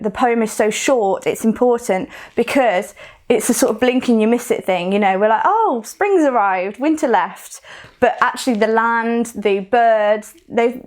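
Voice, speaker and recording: Chatty woman with a Coventry accent. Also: fairly high pitch. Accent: Coventry English. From Coventry, England. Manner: chatty, explanatory, with fillers and restarts. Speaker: poetry workshop leader. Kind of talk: recorded poetry lesson.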